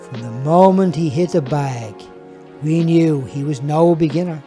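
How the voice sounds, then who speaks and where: A man's voice: fairly high pitch, measured pace, dark tone, faint music behind. A man reading his own book aloud, telling the story in a plainspoken, reflective way. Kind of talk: audiobook narration.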